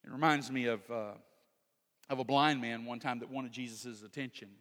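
A pastor preaching a sermon in an animated way, rising to shouts for emphasis. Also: male voice, mid-range voice, normal speed. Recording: long hall reverb.

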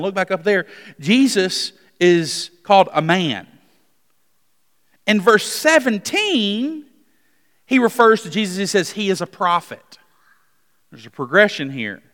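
A male pastor reading scripture and preaching a sermon, dropping to a hush and then rising to emphatic declarations. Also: high voice. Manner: dramatic, swings from hushed to emphatic. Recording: hall reverb.

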